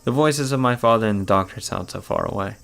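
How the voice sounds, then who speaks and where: A man reading aloud the lines of a troubled young girl haunted by a curse, in a mostly plain, low voice. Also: fast talker, vocal fry, fairly bright tone. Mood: frantic. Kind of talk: reading a visual novel aloud.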